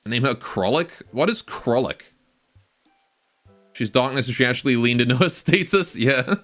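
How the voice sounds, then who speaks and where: A man's voice: medium pitch, lively intonation, moderate pace, fairly bright tone, faint music behind. A young man casually commenting on his game live, rambling, joking and often laughing, on a close cheap stage mic. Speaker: game streamer.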